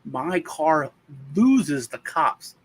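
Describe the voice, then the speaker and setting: A man's voice: fairly high pitch, extremely slow, slight background noise. A man casually telling a long personal story, swearing now and then and acting out the voices of the people in it. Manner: animated, acts out the voices of people in his story. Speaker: co-host.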